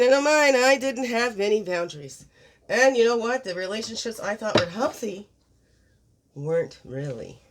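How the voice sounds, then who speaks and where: A woman hosting a daily spiritual card reading, reflective and encouraging, asking her listeners many questions. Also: mid-range voice. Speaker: spiritual guidance host.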